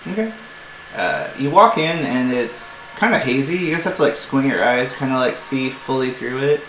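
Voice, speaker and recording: A man's voice: medium pitch, lively intonation, normal speed, fairly bright tone. A man running a tabletop game as game master, narrating in a casual, loose way with many fillers. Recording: echoey room with some noise.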